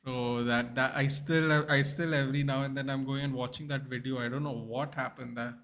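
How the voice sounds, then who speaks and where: A man's voice: mid-range voice, fairly even intonation, brisk, fairly bright tone. A man hosting a live football watchalong, chatting casually and answering viewer questions while tired from a sleepless night. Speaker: sports channel host. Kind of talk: live match watchalong commentary and chat replies.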